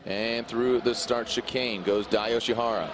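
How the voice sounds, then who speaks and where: A man's voice: normal speed, heavy background noise. A man doing live play-by-play commentary at an outdoor drift event, his voice climbing as he calls the action. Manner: energetic, rises in pitch calling the action.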